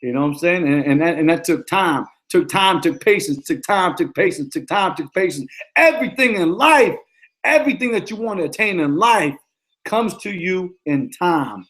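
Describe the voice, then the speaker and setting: A man's voice: sits high, animated, normal speed, a bit bright. A middle-aged man, a football coach, giving a motivational talk in an emphatic, repetitive, slangy way.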